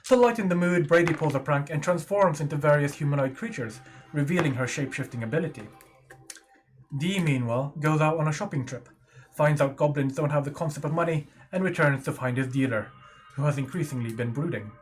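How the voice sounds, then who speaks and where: A man's voice: a little high, brisk. Man narrating a game recap. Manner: steady storytelling read with small self-corrections. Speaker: player reading the session recap.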